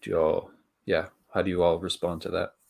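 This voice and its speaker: A man's voice: sits low, level tone, fairly quick, creaky, a little mellow. A man narrating a tabletop role-playing game as game master, searching for words with many restarts and fillers.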